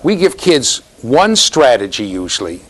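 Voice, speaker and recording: A man's voice: medium pitch, big pitch swings, a little slow, poor audio. A man giving a university classroom lecture, teasing students and checking in with "right?".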